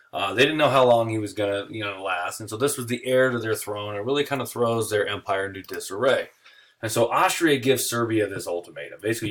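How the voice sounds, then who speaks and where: A man teaching history in a casual, jokey lecture, acting out nations in quick voices. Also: fairly low pitch, a bit bright.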